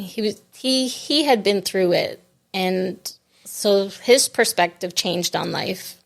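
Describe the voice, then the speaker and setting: A grieving woman telling a personal story in an interview, reflective and halting, with many restarts. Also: medium pitch, creaky. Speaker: podcast guest. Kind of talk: conversational interview.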